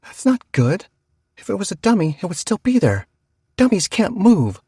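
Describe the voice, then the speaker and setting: A man's voice: on the high side, lively intonation, takes it slowly, a little mellow, husky, no room sound, clean studio sound, pitched above the performer's own voice, exaggerated voice. A man voicing a scared but stubborn little girl who insists and questions in an audiobook. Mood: insistent. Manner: blunt, insistent.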